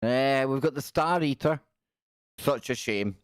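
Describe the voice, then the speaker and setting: Speaking at an unhurried pace in a medium pitch, a man runs a live stream with a clean tone and no echo. He keeps things casual and joking, firing off quips while reacting aloud to pictures.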